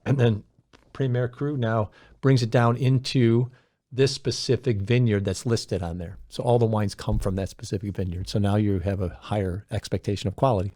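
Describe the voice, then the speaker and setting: A middle-aged man explaining wine in a measured, step-by-step casual talk. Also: on the low side, fairly even intonation, dark tone, no echo. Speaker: wine expert co-host.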